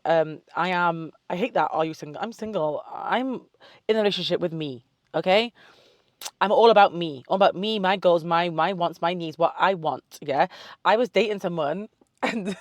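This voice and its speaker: A young woman who works as a fitness model and online coach does a casual Q&A to camera, swearing freely, drifting onto tangents and giving upbeat self-love pep talks. Her voice is fairly low-pitched, with no echo.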